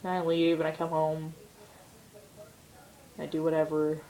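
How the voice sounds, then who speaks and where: A woman's voice: low voice, completely flat delivery, a little slow, dark tone, poor audio. A teenage girl vlogging from home, chatting in a rambling way with lots of "like". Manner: chatty, rambling retelling full of "like". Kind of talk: casual storytelling vlog.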